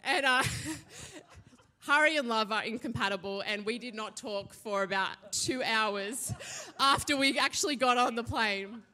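A woman, a pastor giving a sermon and telling a lively personal story. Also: a little high, normal speed. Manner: animated storytelling, acts out her own shouting.

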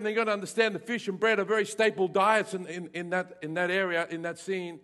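Pastor guy preaching in church, kinda high voice, gets loud and playful with the crowd. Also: fairly quick. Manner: lively preaching, rising to near-shouts, playful asides to the congregation. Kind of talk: sermon. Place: church hall with congregation.

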